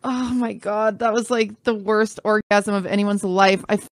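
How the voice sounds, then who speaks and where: A woman's voice: medium pitch, fairly even intonation, normal speed, dry recording. A young woman in her twenties co-hosting a podcast in casual chat, blunt and self-mocking, swearing often. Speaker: podcast co-host. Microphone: headphones and studio mic.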